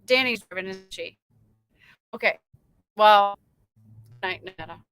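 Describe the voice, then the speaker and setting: A woman's voice: mid-range voice, measured pace, a bit bright, clean tone, poor audio. A woman, a truck driver, chatting casually on a late-night livestream and reading out viewer comments, rambling with lots of fillers.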